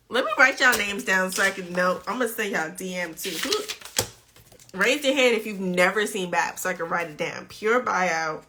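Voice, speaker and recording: A woman's voice: mid-range voice, noisy background. A woman tutoring nursing students in a live online quiz, chatty and playful, often laughing as she reads questions aloud. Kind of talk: casual live-stream quiz teaching.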